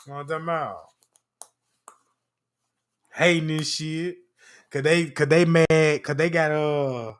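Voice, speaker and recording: A man with a high voice spins loose, comic stories as he hosts a casual chat. His talk is slangy, and he keeps checking in with his listeners. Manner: slangy, keeps asking "you know what I'm talking about". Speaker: host of an open chat stream. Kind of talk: casual comedic storytelling.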